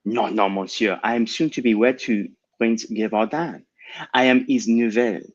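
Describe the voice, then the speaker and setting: A man voicing a bubbly little French girl of about twelve, with a thick French accent and a squeaky voice. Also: fairly even intonation, normal speed, muffled recording, close to an everyday voice. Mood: bubbly, playful.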